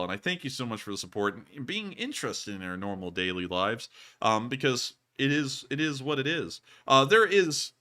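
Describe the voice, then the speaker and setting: A man's voice: mid-range voice, bright, forceful tone. A man hosting a livestream in casual chat, rambling with lots of filler sounds. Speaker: livestream host.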